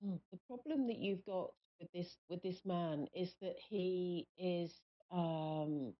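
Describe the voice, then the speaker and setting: Halting woman host, muffled lo-fi sound. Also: on the low side. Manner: halting, searching delivery with many pauses. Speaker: psychic radio host. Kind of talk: live call-in reading. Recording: muffled lo-fi stream audio.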